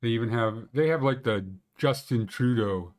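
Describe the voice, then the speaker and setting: A man's voice: mid-range voice, normal speed, darkish tone. A man hosting a casual live stream about local ski conditions, chatting with viewers in a rambling, joking way with lots of fillers. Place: Banff area.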